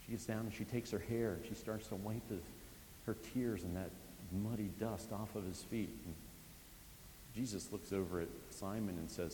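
A man's voice: low-pitched, fairly even intonation, moderate pace, warm tone. A man, a pastor, preaching a sermon in a casual storytelling way, often adding asides as he retells the scene. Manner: conversational storytelling with frequent asides. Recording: echoey hall with faint hiss.

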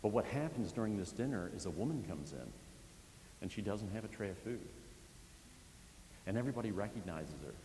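A low-voiced pastor preaching a sermon in a big church hall, with a long reverb trailing each phrase. He tells the story conversationally and keeps dropping in little asides to the listeners. A faint hiss sits under the recording. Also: expressive, a little fast, pauses often, dark tone.

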